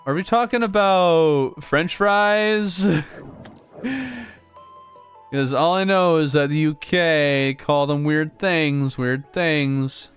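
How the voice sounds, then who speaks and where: An American man from the United States chats casually while streaming a video game, joking with viewers and reading their comments aloud. His voice is a little high, slow-paced, fairly bright, clear, and resonant, with music playing underneath.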